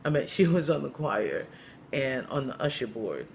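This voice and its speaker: A man's voice: medium pitch, very animated, normal speed, creaky, a little hiss or hum. Rambling man telling a long joke. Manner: rambling, many you-knows and uhs. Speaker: comedian storyteller.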